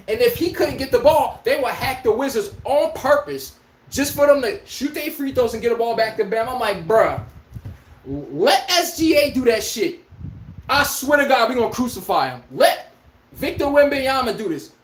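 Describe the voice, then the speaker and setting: Animated man ranting in an echoey room. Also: very high-pitched, normal speed, a little hiss or hum. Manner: animated, profane, incredulous. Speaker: podcast host. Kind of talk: heated sports rant.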